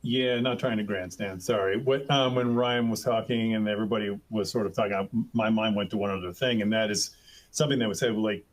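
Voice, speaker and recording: Man on a panel, kinda low voice, chatty, lots of ums and likes. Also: fairly even intonation, a little fast. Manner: informal, many fillers. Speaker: healthcare revenue leader, panelist. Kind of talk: panel discussion.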